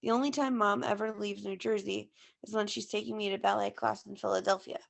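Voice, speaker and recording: Gravelly woman reading a novel aloud. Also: medium pitch, a little fast. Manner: steady storytelling. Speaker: teacher. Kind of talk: first-person novel read-aloud.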